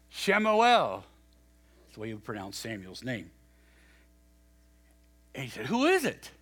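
Male pastor, storytelling sermon, bright and lively delivery. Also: high-pitched. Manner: animated, conversational, frequent restarts.

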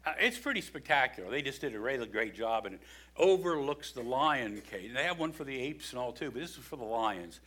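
A man preaching a sermon, lively and expressive, acting out the voices in his story. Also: mid-range voice, fairly quick. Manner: animated preaching, acts out quoted voices. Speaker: pastor.

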